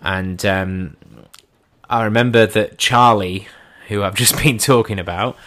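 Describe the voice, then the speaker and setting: A man telling a first-person anecdote in an animated way, acting out his own lines and his friends' lines as he goes. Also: lowish voice, a little slow. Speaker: storyteller.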